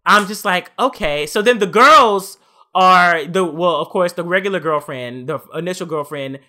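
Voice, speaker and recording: A man's voice: sits high, moderate pace. A man in casual chat, retelling an anime plot with lots of slang and acting out the characters' lines. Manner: animated storytelling, acts out characters' lines, profane slang. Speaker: podcast co-host recapping an anime.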